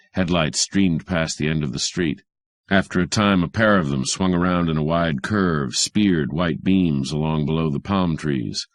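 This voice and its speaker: Male audiobook narrator, very low voice, measured and even delivery. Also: dry recording, clean studio sound. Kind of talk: audiobook reading of hardboiled fiction.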